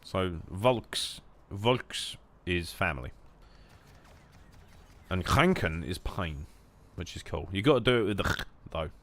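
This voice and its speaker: Low, lively-voiced English gamer. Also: male voice, slow pace, long pauses. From England. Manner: jokey, rambling, sweary, swings to loud mock-German shouts. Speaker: gaming streamer. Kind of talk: casual chat while gaming.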